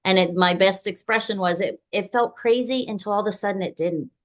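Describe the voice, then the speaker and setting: A woman's voice: mid-range voice, a little fast. A woman hosting a podcast speaks in a mid-range voice. She gives her guest firm, practical suggestions, one step at a time. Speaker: podcast host. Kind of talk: advice in conversation.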